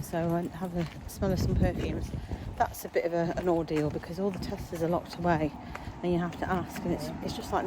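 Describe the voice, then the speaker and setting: Heavy background noise surrounds this vlogger's lowish voice as she walks outside chatting about her day. Now and then she sounds winded while she rambles on casually.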